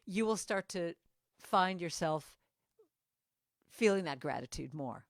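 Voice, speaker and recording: A woman's voice: lowish voice, expressive, takes it slowly, no echo, clean studio sound. A woman giving an earnest, chatty inspirational morning message as guest speaker, talking over a video call.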